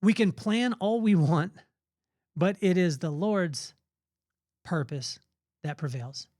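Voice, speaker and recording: A man's voice: sits high, animated, slow, a little mellow, no echo, clean studio sound. A middle-aged man hosting a podcast. He gives an earnest, emphatic motivational talk on faith in a conversational way. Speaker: podcast host.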